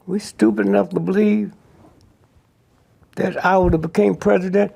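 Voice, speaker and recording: Gravelly older man, blunt and profane. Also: sits high, steady tone, moderate pace, long pauses, mellow. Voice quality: gravelly and husky. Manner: blunt, profane, punctuates with "Huh?". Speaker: interviewee. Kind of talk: profane storytelling interview.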